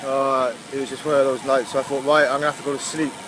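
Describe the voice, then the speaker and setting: This touring cyclist vlogger, an Englishman with a Gloucestershire accent, records a casual video diary while riding along a roadside. His mid-range voice is flat and quick, with background noise behind his rambling, chatty talk full of fillers and laughs.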